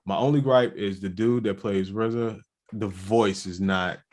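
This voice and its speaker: A man co-hosting a podcast in casual, animated chat. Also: measured pace, slight background noise. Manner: animated, jumps up in pitch when excited. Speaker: podcast co-host.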